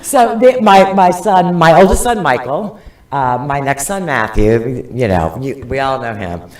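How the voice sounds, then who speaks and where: An older woman gives chatty farewell remarks, laughing and teasing as she goes, her pitch rising and falling widely. She stands a little away from the microphone in an echoey council chamber. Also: animated, measured pace, darkish tone, distant mic. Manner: chatty, laughing, self-mocking. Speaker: retiring TV reporter.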